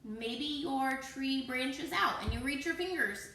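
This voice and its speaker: Bright, playful woman leading kids' yoga. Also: high voice, a little slow, few pauses. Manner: encouraging, playful, cueing poses and breaths. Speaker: kids yoga teacher. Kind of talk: guiding a children's yoga class. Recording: echoey room.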